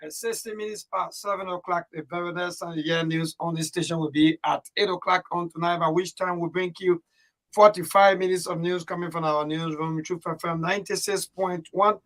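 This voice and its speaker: A man co-hosting a radio show, chatting in a relaxed, informal way. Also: high-pitched, fairly quick. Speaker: co-host. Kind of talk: casual radio link chat.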